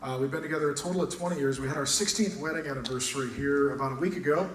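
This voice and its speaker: A man, a pastor telling jokey, animated stories in an on-stage interview in a large auditorium. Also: mid-range voice, very fast, a crowd in the background. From United States. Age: 30s. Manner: joking, animated storytelling. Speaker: pastor, guest speaker. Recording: roomy hall, picked up from far off, audible noise.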